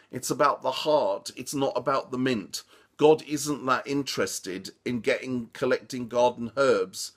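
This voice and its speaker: A man's voice: mid-range voice, measured pace. Earnest man giving a Bible talk. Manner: earnest, informal, with restarts and fillers. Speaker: preacher. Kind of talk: short devotional Bible commentary.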